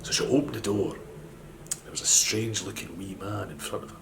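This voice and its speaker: A man with a Scottish accent telling a folk tale in a gentle, animated storytelling manner. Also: fairly low pitch, fairly quick, a little hiss or hum. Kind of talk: storytelling narration.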